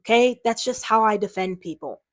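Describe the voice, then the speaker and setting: A woman's voice: fairly high pitch, moderate pace. A woman talking to her viewers in an unscripted vlog, defensive and frustrated, rambling with lots of fillers. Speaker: channel owner.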